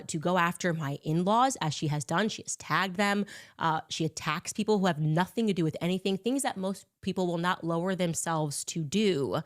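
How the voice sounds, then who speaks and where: A woman's voice: fairly low pitch, no room sound, studio quality. A woman giving a combative, accusatory statement as a commentator. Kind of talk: recorded statement.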